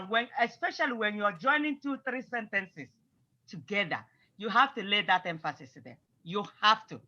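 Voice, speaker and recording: Bright-voiced woman teaching a language class. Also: a little high, lo-fi sound. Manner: explains patiently, mixes English with Igbo phrases.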